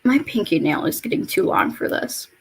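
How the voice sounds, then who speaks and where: A woman in her mid-twenties chatting casually while getting ready in her bedroom, rambling and swearing, with sudden high excited jumps in pitch. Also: moderate pace, creaky, a little hiss or hum. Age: mid-20s. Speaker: vlogger. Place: bedroom at home.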